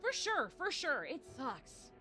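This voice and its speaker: A woman's voice: high-pitched, huge pitch swings, slow, bright, forceful tone, faint music behind. A woman streaming a game, chatting in a rambling, jokey way full of fillers. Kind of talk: livestream gaming commentary.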